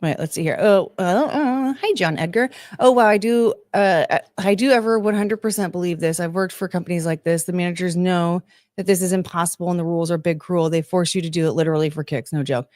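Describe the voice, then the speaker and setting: A woman's voice: lowish voice, a little fast, a little mellow, dry recording, studio quality. A young adult woman hosting a podcast, ranting in casual commentary and reading chat, with lots of fillers. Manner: chatty, exasperated, ranting with many fillers. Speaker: podcast host.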